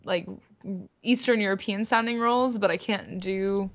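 A woman's voice: medium pitch, measured pace. Chatty woman guest on a game stream. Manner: chatty, hedging, filler-heavy. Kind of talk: casual chat while playing a board game.

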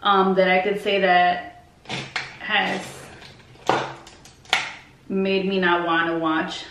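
A beauty vlogger tells a story casually in a medium-pitched, slow voice with little pitch movement, rambling with lots of fillers and heavy swearing. The recording is roomy, with a distant mic and faint noise.

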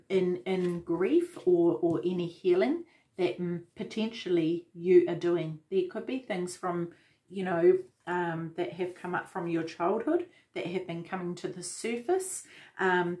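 A woman giving a casual tarot reading, gentle and reflective, with many fillers and restarts. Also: on the low side. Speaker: tarot reader.

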